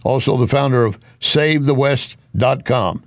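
A man with a mid-range voice speaks at an unhurried pace, recorded dry and clean in a studio. He hosts a radio talk interview, chatting conversationally with his guest and cutting in to push back.

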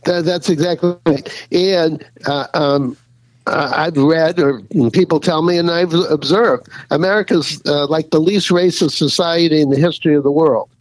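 An author being interviewed gives long, rambling answers full of fillers, restarts and chuckles. His voice is fairly high with fairly even intonation and a moderate pace; the audio is poor but has no room sound.

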